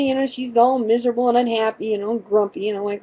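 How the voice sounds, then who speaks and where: A mother tells a funny family story quickly, with hardly any pauses, her high-side voice fairly even in intonation. She rambles dramatically and exasperatedly, constantly filling with "you know," on a muffled recording.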